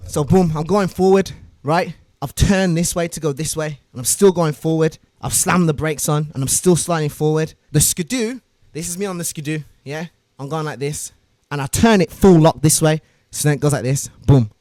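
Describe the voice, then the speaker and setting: A young man, talking high in his range, retells a story on his stream with shouts, curses and sound effects. The sound is dry and close, with no room around it. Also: no echo. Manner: swearing, shouting, mimicking sounds. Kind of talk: animated storytelling.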